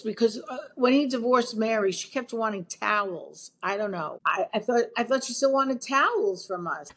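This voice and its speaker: A woman's voice: mid-range voice, a little fast, few pauses. An older woman, a podcast guest telling a long story bluntly and with salty swearing. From Brooklyn, New York. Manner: brash, blunt, swears freely.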